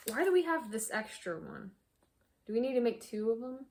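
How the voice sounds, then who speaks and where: A woman's voice: on the high side, big pitch swings, moderate pace, darkish tone, slight background noise. Teasing woman co-hosting a kitchen chat. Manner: teasing, encouraging, playful. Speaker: co-host friend. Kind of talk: casual comedic cooking chat.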